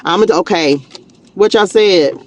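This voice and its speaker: A woman's voice: fairly low pitch, normal speed, slight background noise. A woman with a Southern US drawl leads a live tarot reading in a loose, chatty way. She peppers her talk with "child" and "y'all," laughs easily, and keeps lifting her viewers up. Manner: warm encouraging pep talk, laughs easily. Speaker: tarot reader and spiritual coach.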